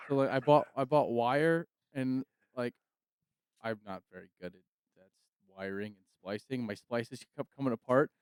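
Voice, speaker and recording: A man's voice: mid-range voice, normal speed, clean tone, dry recording. A man co-hosting a casual podcast, telling work stories with quoted dialogue and frequent laughs. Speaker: podcast co-host. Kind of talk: casual chat.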